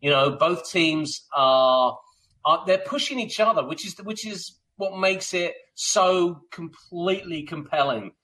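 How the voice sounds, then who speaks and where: The audio is poor, but the man's voice comes across on the high side, pushed and bright, at a measured pace. He co-hosts a radio soccer talk show as a pundit, speaking emphatically and rambling, often with fillers and restarts.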